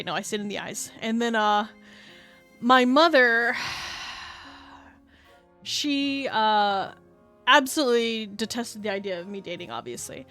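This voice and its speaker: A woman's voice: a little high, sharp tone. A woman streamer from Canada chatting casually through a game, giggling often and swearing freely. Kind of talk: casual gaming stream chat.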